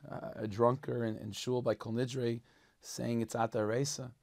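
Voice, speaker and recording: A man's voice: mid-range voice, level tone, moderate pace, gravelly, a little mellow, dry recording, close to an everyday voice. A man voicing puzzled devout followers who question their rebbe.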